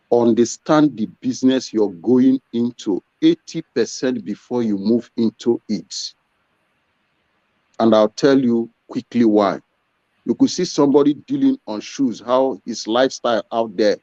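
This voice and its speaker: A business owner answers interview questions earnestly, telling stories and acting out quotes. His mid-range voice has a warm tone, and the dry recording sounds dull and lo-fi.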